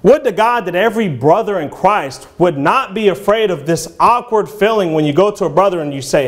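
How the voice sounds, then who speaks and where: High-voiced man preaching a sermon. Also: lively intonation, a little fast, few pauses. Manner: informal, conversational, peppered with "you know" and "man"; reads scripture aloud in King James English. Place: church.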